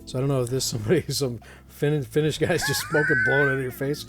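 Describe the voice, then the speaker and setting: A man's voice: medium pitch, steady tone, quick pace, loud music behind the voice. A man hosting an odd-news podcast, reading stories aloud and joking around, often laughing. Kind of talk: casual comedic chat.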